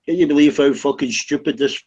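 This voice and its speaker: A man from Wales with a fairly high voice mocks and ribs the others in an online voice chat, swearing freely. His voice comes through dull, lo-fi chat audio. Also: a little fast, darkish tone. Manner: teasing, crude and profane. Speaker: voice chat participant. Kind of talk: casual voice chat banter.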